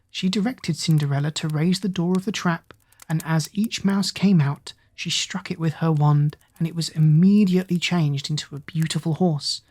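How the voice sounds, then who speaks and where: A woman narrating a bedtime fairy tale for children in a calm, soothing way. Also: low-pitched. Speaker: storyteller.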